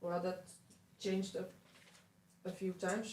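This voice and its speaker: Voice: medium pitch, a little slow, roomy sound, soft background music. A co-host chatting casually on a live stream, mostly in short interjections. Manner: brief interjections.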